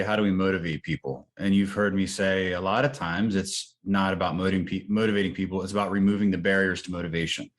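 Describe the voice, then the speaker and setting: Man, low voice, co-host, casual chat, animated, acts out examples. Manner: animated, talks through examples and quoted lines. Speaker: podcast co-host. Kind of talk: casual discussion of workplace psychology.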